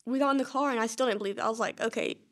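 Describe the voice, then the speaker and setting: A young woman, a grieving sister, speaking quietly and subdued in a documentary interview, often saying "like". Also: on the high side, racing.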